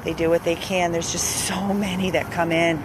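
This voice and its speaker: A woman's voice: fairly low pitch, little pitch movement, moderate pace, background noise. A woman filming a dog rescue for viewers, cooing baby talk to an old dog and speaking earnestly to the camera. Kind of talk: casual vlog, talking to camera and to a dog. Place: outdoors by a car, then inside the car.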